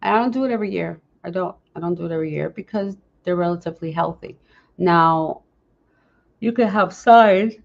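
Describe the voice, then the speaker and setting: A podcast host with a lowish, creaky voice talks fast and earnestly to her listeners in a casual, unscripted episode, asking them questions directly. She often breaks off and restarts her sentences, and the high frequencies in the audio are cut off.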